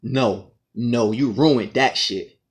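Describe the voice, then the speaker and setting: A man's voice: medium pitch, slow. A man in an aggrieved, profane monologue to the camera, repeating his points as he rants. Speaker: vlogger.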